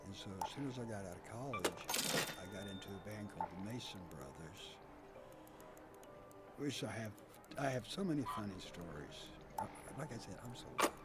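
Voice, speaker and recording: A middle-aged man telling profane, animated stories about his past as a band singer in an interview. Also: fairly low pitch. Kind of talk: casual storytelling interview.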